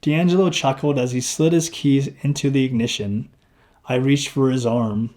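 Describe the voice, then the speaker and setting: A man reading his own novel aloud in the first person with a dry throat, expressive and acting out the dialogue. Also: medium pitch, normal speed.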